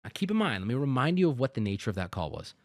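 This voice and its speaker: A man's voice: medium pitch, very fast, no echo, studio quality. A man in his thirties, a streamer, angrily retelling a customer service call to his audience, swearing and quoting both sides. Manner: angry, profane, animated retelling with quoted dialogue. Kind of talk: ranting story to a stream audience.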